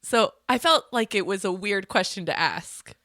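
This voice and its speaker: A woman's voice: medium pitch, normal speed, fairly bright tone, no echo, studio quality. A woman co-hosting a casual book podcast, telling stories with a laugh and poking fun at herself. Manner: laughing, self-deprecating storyteller. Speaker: podcast co-host.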